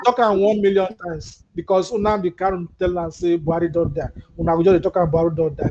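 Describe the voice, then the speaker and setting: Nigerian Pidgin-accented male host, high voice, mocking asides on a dull, slightly hissy line. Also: steady tone, a little fast, darkish tone. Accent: Nigerian Pidgin English. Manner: mixes Pidgin and English, reads viewer comments aloud, mocking asides. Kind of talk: live call-in political talk show. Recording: muffled lo-fi audio with faint hiss.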